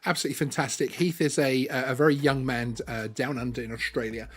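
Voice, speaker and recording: A man's voice: medium pitch, fairly even intonation, fairly quick, slightly rough. A man hosting a live stream, talking casually with many ums and restarts. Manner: chatty, lots of ums and restarts.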